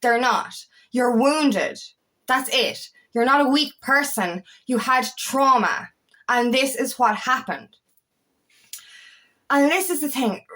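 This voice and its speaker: A woman's voice: high voice, lively intonation, takes it slowly, bright, forceful tone, rough recording. A young adult woman, a feminine empowerment coach, talking candidly and passionately in a personal vlog, swearing freely and restarting her sentences.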